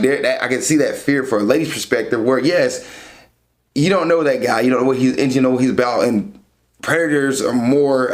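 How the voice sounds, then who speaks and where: A young adult man hosting a show, casually and frankly answering listener questions about dating one by one. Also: medium pitch. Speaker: dating advice host. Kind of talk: casual advice talk.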